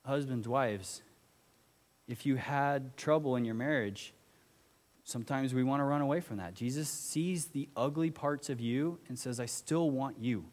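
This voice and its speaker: A man's voice: mid-range voice, a little slow, darkish tone. A man preaching a sermon to his congregation in an earnest, conversational way, putting direct questions to the listeners. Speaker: pastor. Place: church. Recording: church hall reverb.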